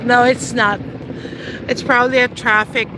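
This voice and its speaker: A woman's voice: a little high, fairly even intonation, moderate pace, noisy background. A middle-aged woman in casual, teasing chat with live viewers outdoors, laughing often. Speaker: vlogger. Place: outdoors on a city street.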